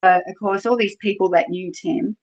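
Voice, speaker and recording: A woman's voice: mid-range voice, fairly even intonation, moderate pace. A middle-aged Australian woman, a podcast guest, chattily retelling her experiences with lots of fillers and quoted dialogue. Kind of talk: casual storytelling. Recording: dull lo-fi podcast recording.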